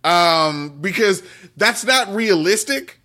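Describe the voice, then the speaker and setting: A man's voice: sits high, animated, slow, pushed and bright. A man co-hosting a podcast, chatting casually and laughing often as he talks through a show. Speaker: podcast co-host. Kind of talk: casual chat.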